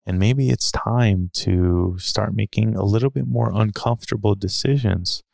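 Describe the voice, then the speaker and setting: A man with a deep voice that has a rough, creaky edge tells a personal story on a podcast. He talks in a casual, musing way, full of fillers and restarts. The sound is dry and close, with no room around it. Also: unhurried, a little mellow, no room sound. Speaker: podcast speaker.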